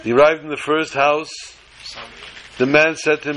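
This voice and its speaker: A man telling a religious story to listeners in a measured, dramatic way. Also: fairly high pitch, level tone, fairly bright tone, a little hiss or hum, poor audio.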